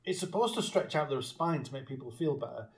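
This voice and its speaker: A man's voice: mid-range voice, lively intonation, fairly quick. A man co-hosting a podcast, recapping a film in casual chat, rambling with restarts and occasional chuckles and swearing. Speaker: podcast co-host.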